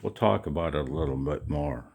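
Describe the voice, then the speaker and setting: With a bass voice that's gravelly, husky, and darkish, a middle-aged video maker delivers a quick, rambling monologue to his viewers. He's chatty and profane, frequently making fun of himself.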